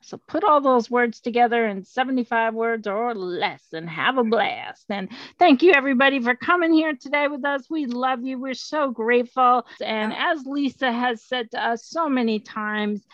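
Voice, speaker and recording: A woman's voice: a little high, normal speed, few pauses, fairly bright tone, dry recording, highs cut off. A woman co-hosting a writing show on a video call, effusive and grateful as she wraps up. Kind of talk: casual host chat.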